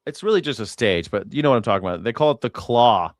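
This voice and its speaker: A man's voice: mid-range voice, animated, fast, dry recording. Man, live news reaction host, rambling, profane, self-correcting, dry close sound. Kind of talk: casual live commentary.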